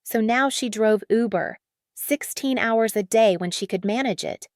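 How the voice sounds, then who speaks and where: A woman narrating a dramatic story in an even, matter-of-fact read on a close mic. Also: a little high, a little slow, no echo.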